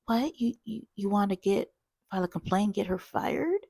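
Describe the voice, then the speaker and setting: A woman's voice: on the low side, fairly even intonation, measured pace, gravelly, warm tone, breathy edge, no room sound, voice pushed up, full character voice. A woman voicing a flustered female call-center coworker who stammers and repeats herself in a rush.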